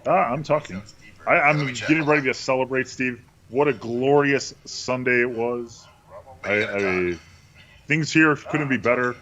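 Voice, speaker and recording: A man's voice: mid-range voice, dull audio, crowd noise. A man co-hosting a sports podcast, joking and playful, talking into his own podcast microphone. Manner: joking, playful, drawn-out teasing lines. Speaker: podcast co-host. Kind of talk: casual sports chat.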